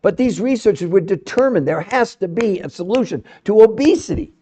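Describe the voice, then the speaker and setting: A middle-aged man hosting a live stream, speaking fiercely and insistently, sometimes dropping into quiet asides. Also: sits high, animated, brisk, husky. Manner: fiery and insistent, often trailing off into quiet asides. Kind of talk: energetic live-stream pitch. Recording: dull lo-fi live-stream audio.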